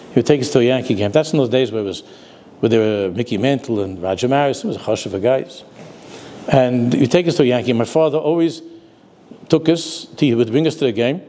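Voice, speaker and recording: A man's voice: medium pitch, fast talker, warm tone. An older man, a rabbi giving a sermon, telling stories and dropping Yiddish and Hebrew words into his talk.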